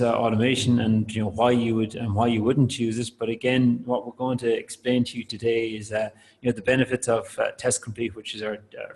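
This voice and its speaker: A man presenting a software tool in a webinar, talking loosely with many fillers and restarts. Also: medium pitch, poor audio. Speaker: product presenter. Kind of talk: webinar talk.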